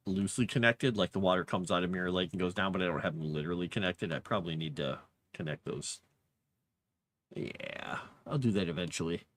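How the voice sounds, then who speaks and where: Speaking in a lowish, slightly bright voice, a man chats casually on a livestream as he builds a fantasy map. Now and then he mutters to himself or coos at his cat.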